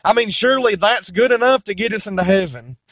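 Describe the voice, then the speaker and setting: A man's voice: high voice, fast talker, a bit bright, dry recording. A male preacher delivering an emphatic, repetitive sermon that quotes King James scripture. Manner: voices imagined objections in a mocking tone.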